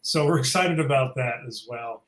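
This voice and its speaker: A man's voice: medium pitch, normal speed, echoey room, poor audio. A man casually chatting as an event organizer, enthusiastic and rambling with fillers, his throat a little sore. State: sore throat, sucking a cough drop. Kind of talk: casual interview chat.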